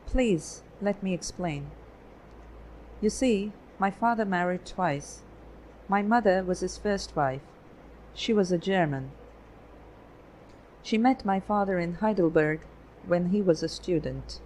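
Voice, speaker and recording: A woman voicing a calm, guarded photographer raised in Germany, telling his past in a measured way. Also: on the low side, slight background noise, poor audio. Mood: earnest. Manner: measured, explanatory storytelling.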